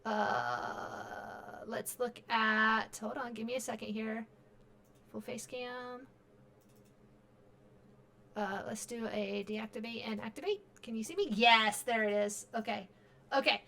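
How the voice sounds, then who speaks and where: Bright, high-voiced tired woman streamer. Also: animated. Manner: rambling, halting, many fillers and restarts. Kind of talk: casual end-of-stream chat.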